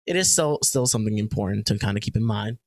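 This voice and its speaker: A man's voice: lowish voice, lively intonation, fast talker, vocal fry, no echo, clean studio sound. A man co-hosting a podcast in a casual, chatty way, joking around and using plenty of fillers and restarts. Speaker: podcast co-host. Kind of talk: casual chat.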